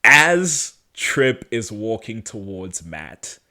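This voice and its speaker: A man's voice: on the low side, sing-song, very slow, bright, forceful tone. A man co-hosting a podcast, recapping a TV episode in a casual, joking way and laughing often. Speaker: podcast co-host.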